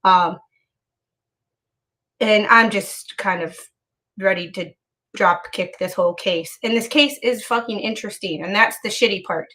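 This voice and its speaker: A woman's voice: medium pitch, a little slow, pauses often, pushed and bright. Frank, cursing woman streaming from home. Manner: frank, profane, many ums and restarts. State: slightly out of breath. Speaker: live streamer. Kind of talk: casual livestream chat.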